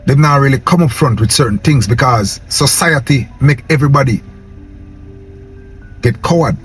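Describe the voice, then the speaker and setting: A young man with a strong Jamaican Patois accent delivers a fervent rant straight to his viewers. He talks in a middling pitch, repeating himself and ending his sentences with "yo". Soft music plays faintly behind him. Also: moderate pace, slightly rough. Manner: impassioned, preachy, repeats "yo" and "man". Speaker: vlogger. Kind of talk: casual rant to camera.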